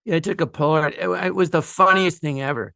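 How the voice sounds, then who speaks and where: Bright-voiced man rambling through a funny story. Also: fairly high pitch, fast talker, gravelly, no room sound, studio quality. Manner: rambling, laughing at his own stories. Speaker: guest storyteller. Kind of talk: casual anecdote telling.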